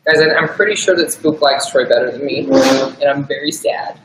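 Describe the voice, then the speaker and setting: A man's voice: fairly high pitch, lively intonation, normal speed, reverberant, a little hiss or hum, poor audio. A young man hosting a casual livestream from home, joking and chatting with his dog. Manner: playful, talks to his dog in a teasing voice. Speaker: livestream host.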